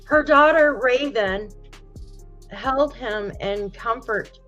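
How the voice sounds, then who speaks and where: A woman hosts a casual livestream and talks in a slow, unhurried way, addressing her viewers and fighting back tears. The audio is dull and lo-fi, and faint music plays behind her. She sighs often between her words. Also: a little high, a bit bright. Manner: talks straight to viewers, greets chat. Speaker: true crime livestream host. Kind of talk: casual livestream commentary, reading posts aloud.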